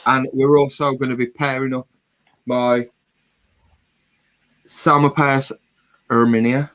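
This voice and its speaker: A British man runs a casual group stream over a video call. He talks in a loose, chatty way, swearing now and then. His voice sits at an ordinary middle pitch. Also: little pitch movement, takes it slowly, a bit bright. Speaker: livestream host.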